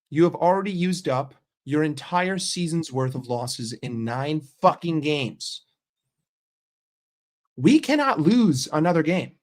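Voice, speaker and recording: A young man ranting in a football vlog, swearing and mocking in an exasperated way. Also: a little high. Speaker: football vlogger.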